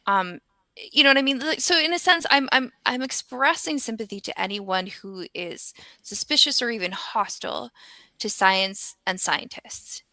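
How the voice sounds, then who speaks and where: Speaking at normal speed in a slightly high voice, this American scientist, a regular guest, keeps the chat casual and animated. She says um often and restarts her sentences. There is no echo.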